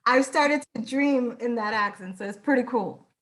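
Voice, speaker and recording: A woman actor talks about her role in a casual interview, effusive and quick to laugh. Her voice sits somewhat high. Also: fairly bright tone. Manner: chatty and effusive, laughs easily. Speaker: stage actor.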